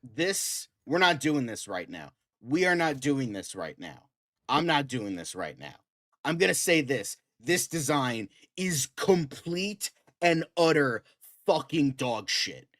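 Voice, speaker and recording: A man's voice: mid-range voice, very animated, slow pace, fairly bright tone. A man co-hosting a fan talk show, ranting heatedly and swearing constantly. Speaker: co-host. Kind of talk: profane ranting chat.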